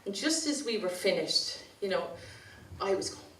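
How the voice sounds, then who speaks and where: A woman's voice: mid-range voice, sing-song, moderate pace, a bit bright, a little hiss or hum. A woman with an Irish accent, a community activist giving a chatty, anecdotal storytelling speech at a conference. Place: conference hall. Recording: roomy sound from a distant mic.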